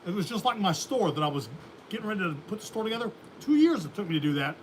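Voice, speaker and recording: Folksy high-voiced man chatting on a livestream. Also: very animated, fast, a little hiss or hum. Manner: folksy, rambling, laughs often. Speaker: beekeeping channel host. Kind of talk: casual livestream chat.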